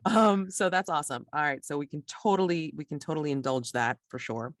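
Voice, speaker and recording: A mid-pitched game master explains rules in a loose, rambling way, full of fillers and restarts. The sound is dry and close, with no room around the voice. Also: fairly quick, a bit bright, dry recording. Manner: casual, rambling with many fillers. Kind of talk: running a tabletop game.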